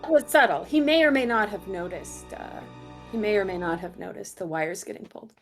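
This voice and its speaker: A woman playing in a tabletop game, slowly narrating what her character does. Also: medium pitch, very animated, faint music behind. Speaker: player. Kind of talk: casual tabletop banter.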